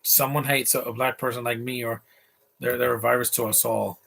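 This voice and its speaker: A man's voice: medium pitch, level tone, brisk, vocal fry, a bit bright. A man giving casual, opinionated live commentary while watching a movie, ranting freely.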